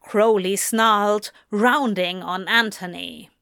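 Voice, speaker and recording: A woman narrating a fan fiction story aloud with measured, expressive delivery. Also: mid-range voice, creaky, no echo, clean studio sound. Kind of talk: audiobook reading of fan fiction.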